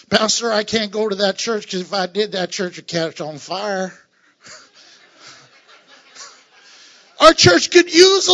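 A man preaching a lively sermon as a pastor, laughing and acting out voices of his listeners. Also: high-pitched, slightly rough, lo-fi sound.

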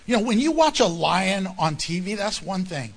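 High, lively-voiced preacher man. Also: moderate pace, gravelly. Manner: animated, conversational preaching with jokes and asides. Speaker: pastor. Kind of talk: sermon.

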